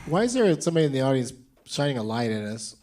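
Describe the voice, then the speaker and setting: A man's voice: mid-range voice, big pitch swings, fast, darkish tone. A man hosting a live comedy podcast on a club stage, teasing his guests and laughing often. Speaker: podcast host. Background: live audience laughter.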